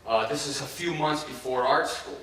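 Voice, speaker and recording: A man's voice: fairly high pitch, fairly bright tone, distant mic, a little hiss or hum. Man giving a keynote in an echoey hall. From Ohio. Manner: casual and halting, with many fillers and restarts. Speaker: keynote speaker. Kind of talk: personal story told in a keynote speech. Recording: echoey hall, mic away from the speaker.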